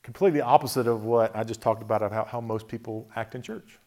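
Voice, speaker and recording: A man giving a reflective talk on faith, thoughtful, often chuckling softly and listing words slowly. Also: mid-range voice.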